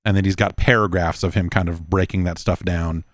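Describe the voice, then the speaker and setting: A man's voice: low voice, steady tone, fairly quick, dry recording, clean studio sound. A middle-aged man hosting a podcast, reading listener mail and rambling in casual chat, stammering and swearing as he talks. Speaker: podcast host.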